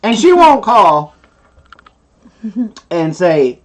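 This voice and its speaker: A man's voice: fairly high pitch, very animated, normal speed. A man co-hosting a casual live stream, joking and bantering with viewers and his partner.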